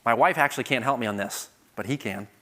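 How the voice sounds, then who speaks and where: A middle-aged man preaching a sermon, moving from quiet storytelling to loud, emphatic peaks. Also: medium pitch, fast.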